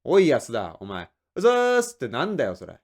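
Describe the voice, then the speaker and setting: A man playing a gruff middle-aged boss who rapidly scolds his junior employee. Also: mid-range voice, very animated, pitched below the performer's own voice, natural voice. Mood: scolding. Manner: rapid, barking, nitpicking.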